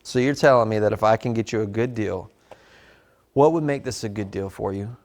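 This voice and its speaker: A man teaching a live sales training class in a casual, animated way, slipping into short customer role-plays. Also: lowish voice, brisk. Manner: animated, conversational, drops into customer role-play.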